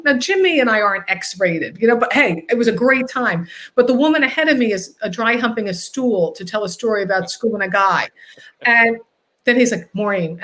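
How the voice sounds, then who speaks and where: A woman hosting a casual interview, telling stories in a lively way and acting out what people said. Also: on the high side. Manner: animated storyteller, acts out quotes. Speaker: host.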